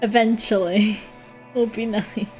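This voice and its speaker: A woman with a British accent and a high, bright voice chats her way through a live drawing stream. She teases, swears freely and breaks into giggles, and faint music plays underneath. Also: steady tone, measured pace. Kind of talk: casual live-stream chat.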